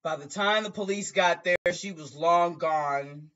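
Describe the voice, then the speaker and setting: Emotional bus driver, halting delivery, higher male voice, dull lo-fi recording. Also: fairly bright tone. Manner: emotional, halting, many restarts. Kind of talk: personal storytelling monologue. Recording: dull lo-fi sound.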